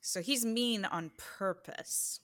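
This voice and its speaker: A woman acting as game master, calmly asking a player relaxed questions about her character. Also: mid-range voice, takes it slowly. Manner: relaxed, asks gentle questions. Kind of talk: easygoing game-master prep talk.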